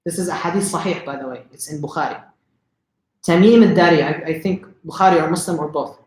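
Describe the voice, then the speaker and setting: A man's voice: fairly high pitch, quick pace, darkish tone. A man telling a religious story in a casual livestream lesson, chatty and often asking the audience questions. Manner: conversational, asks the audience questions. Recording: roomy echo.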